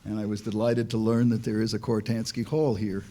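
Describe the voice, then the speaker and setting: Older guy, mellow low voice, dry jokey anecdotes at a public talk, restarts a lot. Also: level tone, fairly quick. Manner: dry joking, tells anecdotes, frequent restarts. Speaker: panel speaker, former diplomat.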